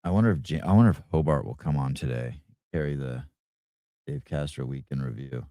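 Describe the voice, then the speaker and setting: A man's voice: a bass voice, fairly quick, mellow, no room sound, studio quality. A man hosting a podcast in casual chat, speaking offhand and muttering to himself as he reads comments. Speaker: podcast host.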